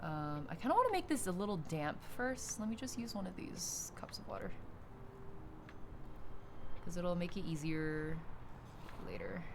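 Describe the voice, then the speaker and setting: Giggly, chatty woman with a low voice. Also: normal speed, pauses often. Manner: chatty and giggly, swears casually. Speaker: streamer. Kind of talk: casual chat while repotting plants. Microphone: streaming setup with a camera. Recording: steady background noise.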